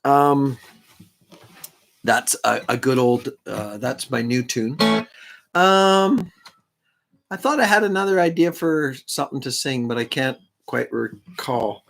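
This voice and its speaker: A man's voice: mid-range voice, lively intonation, slow, pauses often, fairly bright tone. Chatty man with guitar. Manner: chatty, self-deprecating, clears throat often. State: voice catching from strain. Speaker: singer-songwriter streaming live. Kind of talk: casual chat between songs on a live stream. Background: his own guitar.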